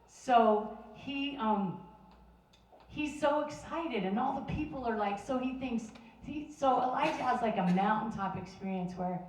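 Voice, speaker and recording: A woman's voice: medium pitch, measured pace. Woman Bible teacher, talkative storyteller, recorded from across a roomy space. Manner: chatty and animated, with many restarts and fillers. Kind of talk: casual storytelling sermon. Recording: roomy sound from a distant mic.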